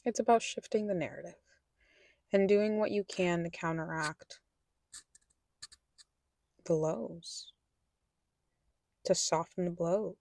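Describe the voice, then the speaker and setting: A woman's voice: fairly low pitch, slow, vocal fry, pauses often, a little mellow, no room sound. A young adult woman talking candidly in a personal vlog, rambling and correcting herself, sometimes dropping to a whisper. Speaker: vlogger.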